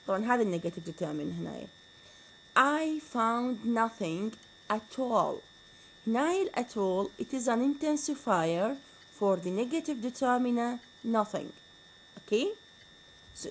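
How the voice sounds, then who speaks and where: A woman's voice: fairly high pitch, slight background noise, rough recording. Woman lecturing on grammar. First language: Arabic. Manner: switches between English and Arabic, asks rhetorical questions. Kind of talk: university lecture.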